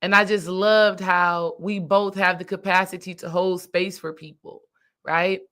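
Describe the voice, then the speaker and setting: A woman's voice: lowish voice, unhurried. A woman spiritual coach telling a story in a casual, chatty way, often checking in with her listeners. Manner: chatty, animated, asks "right?" often.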